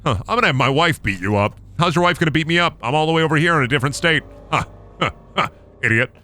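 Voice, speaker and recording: A man's voice: on the high side, expressive, fast talker, sharp tone. A young man live-streaming a game, rambling goofily and joking as he plays. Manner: goofy, rambling, sings and jokes. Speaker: gaming streamer. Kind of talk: casual live-stream commentary.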